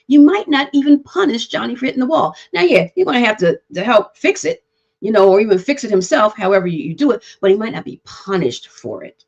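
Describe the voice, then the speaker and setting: A woman hosting a live talk on mental health, explaining to parents and often checking in with "right?". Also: mid-range voice. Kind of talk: live-streamed teaching talk. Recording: dull lo-fi stream audio.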